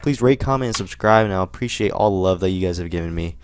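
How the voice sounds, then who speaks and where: A young man telling a rambling, animated story while commentating on a game, with lots of fillers. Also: low-pitched, quick pace, smooth, no room sound. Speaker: gaming commentator. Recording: faint gunfire noise behind. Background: game gunfire.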